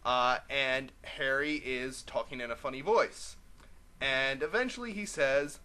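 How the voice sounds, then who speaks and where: A man's voice: medium pitch, unhurried, bright, forceful tone. A young man vlogging casually to camera, chatty and rambling with many fillers. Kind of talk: casual vlog talk to camera.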